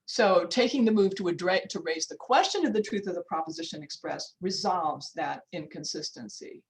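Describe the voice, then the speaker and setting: An older woman professor from the United States delivers a linguistics workshop lecture by video call, sounding chatty and informal. Her voice is on the low side and animated at a normal speed, and she frequently restarts, drifts into asides, and mentions the time. The recording is rough.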